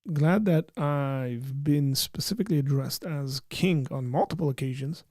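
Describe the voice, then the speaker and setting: A man hosts a casual live stream and reads viewer comments aloud with a joking, easygoing manner. His voice sits at an ordinary pitch with a gravelly edge. The sound is dry and close. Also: moderate pace, dark tone, no echo. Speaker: streamer hosting a live chat.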